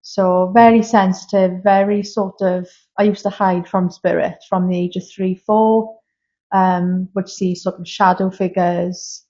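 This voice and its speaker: In a casual interview filmed live in a castle room, a guest medium in her thirties tells candid and emotional stories about herself. Her mid-range voice is mellow and unhurried with fairly even intonation, captured on slightly dull lo-fi sound.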